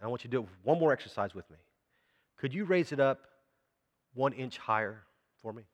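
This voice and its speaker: A man's voice: mid-range voice, expressive, a little fast, long reverb tail, dull audio. A man preaching a sermon in a church, talking conversationally and asking the congregation questions. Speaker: pastor.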